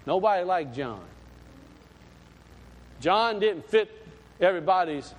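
A male preacher delivers a folksy sermon that breaks into sudden emphatic swells. His voice sits a little high and moves up and down a great deal. Long reverb from a big hall trails every phrase. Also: lively intonation, measured pace, long pauses, a little hiss or hum. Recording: echoey hall.

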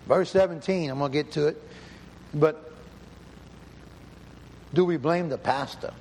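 A man preaching in a fairly high voice, his words ringing out with a long echo of a hall. He reads scripture and presses his listeners with questions, repeating himself for emphasis. A faint hum of the room sits underneath. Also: measured pace, darkish tone. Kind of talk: sermon with scripture reading. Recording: hall reverb, faint ambience.

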